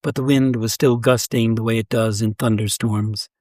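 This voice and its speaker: A man reading a first-person short story aloud in a measured, even storytelling voice. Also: medium pitch, dry recording. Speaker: story reader. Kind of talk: scripted narration of a short story.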